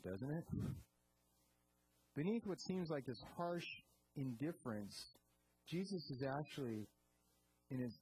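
Earnest preacher working through a scripture passage, dropping low and rising emphatic. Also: mellow, poor audio. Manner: earnest, asks rhetorical questions. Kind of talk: expository sermon.

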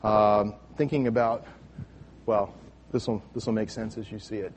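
A man preaching a sermon in a relaxed, conversational way, with restarts as he talks. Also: lowish voice, moderate pace, slight background noise. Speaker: pastor.

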